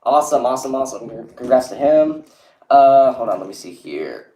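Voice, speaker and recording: A man's voice: mid-range voice, very animated, fairly quick, mellow. A young man chatting casually on a livestream, rambling and reading viewers' messages aloud. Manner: rambling, reads chat aloud, lots of "like". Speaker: streamer. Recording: echoey room.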